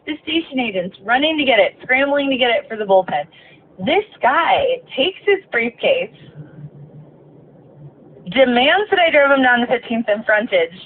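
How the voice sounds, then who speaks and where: A woman bus driver venting about a rough late shift, tired, swearing a lot, her voice cracking with emotion. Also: mid-range voice. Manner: heavy swearing, exasperated, voice breaking with emotion. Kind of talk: late-night venting rant. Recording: tinny phone-line sound, faint hiss.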